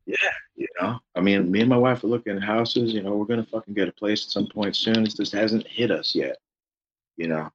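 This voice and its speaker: A very deep-voiced man with a husky edge, rambling through a personal story in loose, profanity-laced talk. His audio comes through dull and lo-fi, like a remote call. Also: fairly quick. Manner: rambling storyteller, swears constantly. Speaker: guest, author. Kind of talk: casual interview chat.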